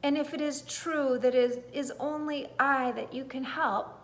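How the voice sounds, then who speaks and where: A woman's voice: high-pitched, steady tone, a little slow. A woman voicing a young garden flower girl who speaks earnestly and pleads her case in a storybook reading.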